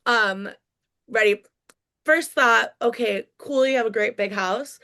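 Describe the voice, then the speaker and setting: A woman co-hosting a casual podcast, chatty and quick to laugh as she reads through her notes. Her voice sits a little higher than most women's. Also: sharp tone. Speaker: podcast co-host. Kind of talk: casual chat.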